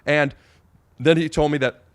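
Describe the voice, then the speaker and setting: A man's voice: on the high side, steady tone, moderate pace, smooth, no echo. Hesitant, rambling male podcast host. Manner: rambling, hesitant, many restarts. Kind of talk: casual podcast chat.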